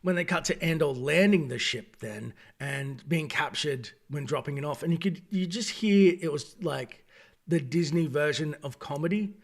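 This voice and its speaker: An Australian man giving a casual, opinionated review, talking in an animated, digressive way. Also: on the high side, normal speed, gravelly. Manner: animated, digressive, acts out quoted voices. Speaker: video reviewer.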